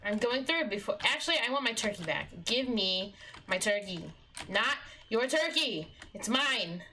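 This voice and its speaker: A young woman streaming a video game, exasperated with her in-game companion, jumping between shrieks and low mutters. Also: big pitch swings, moderate pace, sharp tone, slight background noise. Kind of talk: live game commentary.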